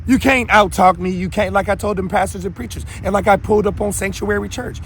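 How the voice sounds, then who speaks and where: Brash high-voiced man in his thirties. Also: steady tone, fairly quick, fairly bright tone, a little hiss or hum. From Minneapolis, Minnesota. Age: 30s. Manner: brash, confrontational, stammering restarts. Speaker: show host. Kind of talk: unscripted monologue.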